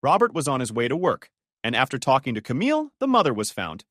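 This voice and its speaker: A man's voice: medium pitch, wildly swooping pitch, fast talker, fairly bright tone, no echo, clean studio sound. A man narrating a scripted drama story in a dramatic storytelling manner.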